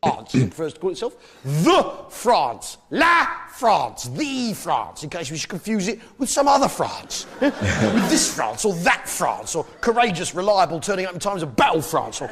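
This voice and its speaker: Brash English stand-up, animated delivery, pitch a bit high, live crowd audible. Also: male voice, brisk, hardly any pauses, noisy background. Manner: brash, mocking, banters with the audience. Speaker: stand-up comedian. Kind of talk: stand-up comedy set. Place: comedy venue on stage. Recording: live show with loud audience laughter.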